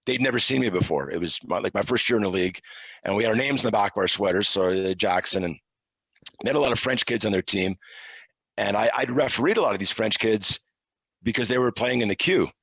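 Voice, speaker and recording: A middle-aged man from Quebec with a low voice, telling casual anecdotes with easy, self-deprecating humor. The sound is dry and close, with no room echo. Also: fast, gravelly, a bit bright, slightly rough. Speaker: interview guest, hockey officiating analyst. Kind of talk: casual storytelling.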